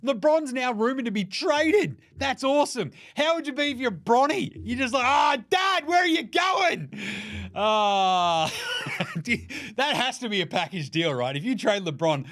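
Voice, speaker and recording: Animated mocking Australian man. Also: very high-pitched. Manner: animated, mocking, quick jokey asides. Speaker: basketball commentator. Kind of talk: comedic sports ranking rant.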